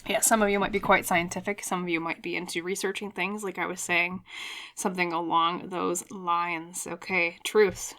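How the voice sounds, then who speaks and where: A woman giving a pick-a-card tarot reading, chatty and excitable, talking straight to her viewers. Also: on the low side, normal speed. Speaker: tarot reader.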